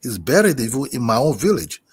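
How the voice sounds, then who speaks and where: A man's voice: medium pitch, big pitch swings, brisk, slightly rough. A man from Nigeria, a guest in a heated casual debate, insistent and repeating himself. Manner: insistent, repeats himself, keeps asking "you understand me?".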